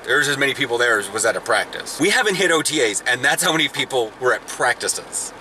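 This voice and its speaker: A young man rambles through a casual vlog chat, full of restarts and quick laughs. His voice is bright and forward. There is a faint hum of noise behind him. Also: medium pitch, expressive. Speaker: vlogger, football player. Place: in a car, then outdoors.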